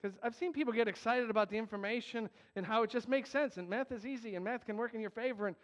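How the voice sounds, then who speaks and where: In a church sanctuary, a pastor with a very high-pitched voice preaches a sermon quickly, earnest and emphatic but slipping in joking asides. The recording sounds dull and carries a long hall reverb.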